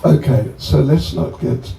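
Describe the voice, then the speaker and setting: Slow, gravelly-voiced man, joking. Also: on the high side, warm tone. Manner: joking, chatty, slow and rambling. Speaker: swami introducing a guest. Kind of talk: informal talk to devotees. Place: bonfire gathering. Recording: echoey, distant, faint ambient noise.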